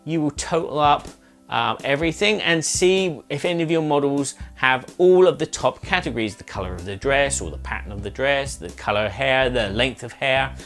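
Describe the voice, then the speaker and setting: A man hosts a casual monthly board game review video, explaining rules in a chatty, rambling way with fillers and self-corrections. His medium-pitched voice is animated and fairly bright at a moderate pace, with soft music playing in the background.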